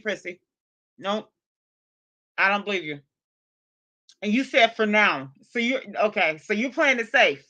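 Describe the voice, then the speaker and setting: A woman's voice: medium pitch, lively intonation, a little slow, long pauses, sharp tone. A woman hosting a casual livestream, talking straight to her chat and scolding viewers in exasperated bursts, with features in her speech. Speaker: livestream host.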